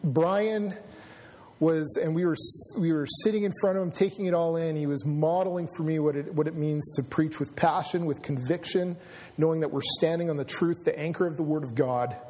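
A man's voice: fairly high pitch, steady tone, moderate pace, darkish tone. Man preaching with hall echo. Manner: storytelling, builds to emphatic preaching. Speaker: pastor. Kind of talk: sermon. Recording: long hall reverb.

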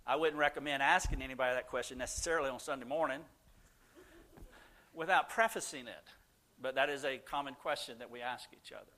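A middle-aged man telling stories to a live audience, animated, and loud when he acts out how his family talked. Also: mid-range voice, brisk. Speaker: speaker answering audience questions. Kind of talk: casual talk to a live audience.

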